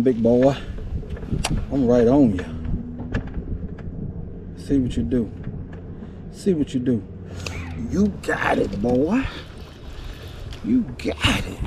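Out on the water in a boat, an excitable fishing vlogger with a medium-pitched voice chatters lively to both the fish and his viewers. The phone recording is noisy, as expected outdoors.

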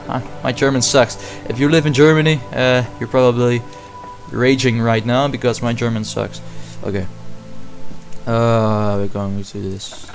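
A young man narrates a horror game in a middle-pitched voice, jumpy and quick to yelp or curse at every scare. Faint game music plays behind him. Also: steady tone. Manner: jumpy, yelps and swears at scares, then hushes. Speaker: let's play host. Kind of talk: horror game let's play commentary.

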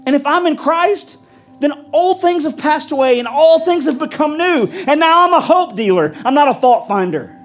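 A pastor preaching a sermon with an emphatic, repetitive cadence, then leading a prayer. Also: male voice, very high-pitched, expressive, normal speed.

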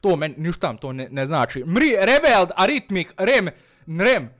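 Playing a horror game for laughs, a high-pitched male gaming host takes on the persona of a bragging, fearless Balkan villager. He switches between halting English and Bosnian, cursing often and muttering nervously under his breath, all in an expressive, fairly bright voice.

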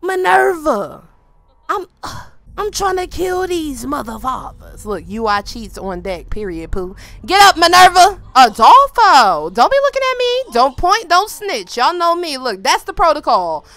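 A young woman hosts a let's play video and fills it with loud, playful trash talk and slang. Her voice sits very high and swings all over as she talks. It has a bright, sharp edge to it. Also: big pitch swings, unhurried, dry recording. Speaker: gaming video host.

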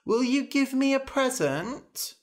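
A man's voice: expressive, slow pace, full character voice. A man voicing a spoiled, demanding little princess who whines and wails. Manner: whiny, shrill and demanding.

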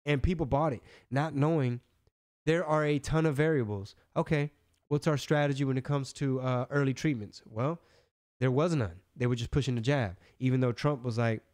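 A man hosting a podcast in casual political chat, animated and slangy, often restarting his sentences. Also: medium pitch, normal speed. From Texas. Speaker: podcast host.

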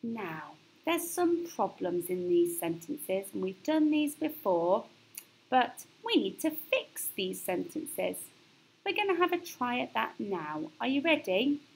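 A woman teaching a recorded phonics lesson to young children, spelling out sounds slowly and patiently encouraging them. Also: mid-range voice, very animated, creaky.

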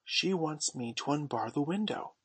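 A man's voice: a little high, animated, moderate pace, a bit bright, breathy edge, no room sound, pitched above the performer's own voice. A man voicing a proud, sulky boy who speaks with stubborn defiance.

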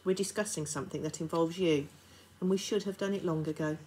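A woman reading aloud, voicing a stern aristocratic lady who is also a grieving mother, commanding at first and then strained and halting. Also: lowish voice, steady tone, a little mellow, slight background noise, natural voice, rough recording. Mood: grave.

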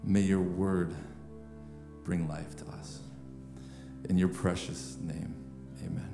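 A man leading a prayer and reading scripture aloud in a measured, solemn way. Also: low-pitched, flat delivery, reverberant, over music.

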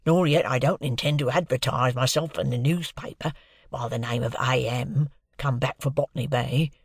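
A man doing a gravelly old convict. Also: medium pitch, steady tone, moderate pace, no room sound, clean studio sound. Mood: earnest, confiding. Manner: coarse dialect, hoarse hushed urgency. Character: rough older male convict, fiercely devoted.

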